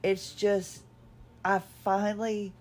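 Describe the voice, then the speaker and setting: A middle-aged woman hosting a podcast, talking in a reflective personal monologue, tired, emotional and halting, with many restarts, recorded at home. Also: medium pitch, little pitch movement, darkish tone. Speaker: podcast host.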